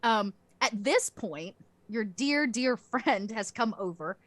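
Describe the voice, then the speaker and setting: A woman's voice: a little high, animated, takes it slowly, a bit bright, dry recording. A woman narrating a tabletop game as game master, chatty, with lots of fillers and restarts.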